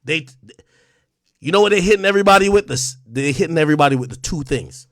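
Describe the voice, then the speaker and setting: A man hosting a livestream, trash-talking aggressively with heavy profanity, swinging between shouting and low muttering. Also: expressive, fast talker, no room sound, clean studio sound. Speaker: livestream host. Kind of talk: ranting livestream talk.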